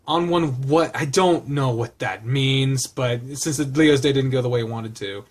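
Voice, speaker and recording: A man's voice: mid-range voice, moderate pace. Swearing, joking man reading a game aloud. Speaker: let's play host. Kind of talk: reading a visual novel aloud with commentary.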